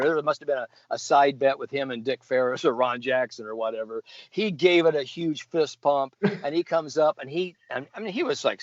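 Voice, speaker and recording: A middle-aged American man, a sports psychologist, telling a folksy story with animated asides and laughs. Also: medium pitch, dry recording, muffled recording. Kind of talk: casual storytelling.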